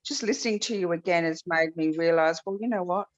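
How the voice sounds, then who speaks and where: A woman's voice: lowish voice, brisk. Woman, workshop participant, candid and reflective, muffled call audio. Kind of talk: casual chat on a video call. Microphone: video call.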